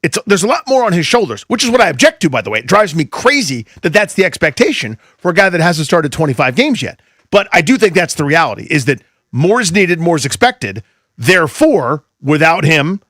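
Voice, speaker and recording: A man co-hosting sports talk radio who speaks quickly, his fairly high voice jumping all over. He riffs with exasperated asides, and he sounds dry and close on the mic. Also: no room sound. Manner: rapid, animated, riffing, exasperated asides.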